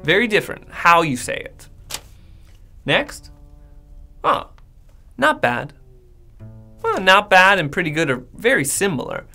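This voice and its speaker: An American man teaches English in a relaxed, lively way, his pitch leaping up and down as he acts out everyday replies. His voice has a gravelly edge, and soft music plays behind him. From United States. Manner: friendly, animated, acts out sample replies. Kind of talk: casual English lesson to camera.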